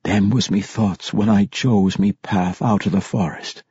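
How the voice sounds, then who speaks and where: A man voicing a gruff, guilt-ridden old dwarf king. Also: lowish voice, steady tone, a little slow, warm tone, no room sound, lo-fi sound. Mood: rueful. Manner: rough folksy dwarf speech, muttered. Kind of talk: audiobook character voice.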